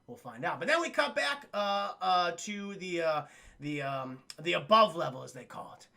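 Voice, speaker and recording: A man's voice: high voice, moderate pace, gravelly. A man streaming a cartoon review, chatting casually and profanely and constantly addressing his chat. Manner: animated, keeps addressing chat, swears a lot.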